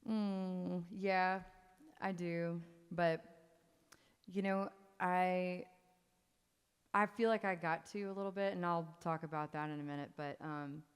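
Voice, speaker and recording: A woman's voice: lowish voice, little pitch movement, slow. A woman in her forties, a songwriter telling stories and taking questions from a live theater audience in a chatty, self-interrupting way, often laughing. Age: 40s. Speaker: songwriter performing a one-woman show. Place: theater stage. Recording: long hall reverb, faint music.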